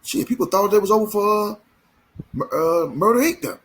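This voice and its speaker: A man's voice: sits high, sing-song, a little fast, fairly bright tone, breathy edge, poor audio. A man giving an emphatic, slangy commentary monologue, full of repeats and restarts. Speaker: commentary channel host.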